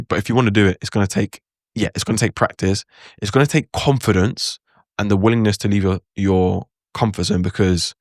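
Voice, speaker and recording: Brief: young guy, low voice, dry close sound, relaxed chatty tutor who thinks out loud. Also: dry recording. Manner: chatty, many "like" fillers, reflective asides. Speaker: language teacher. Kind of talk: casual spoken lesson to camera.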